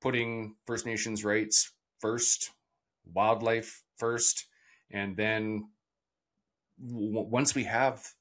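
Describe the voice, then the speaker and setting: Low-voiced, measured interview host. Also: male voice, flat delivery, fairly bright tone. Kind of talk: interview conversation.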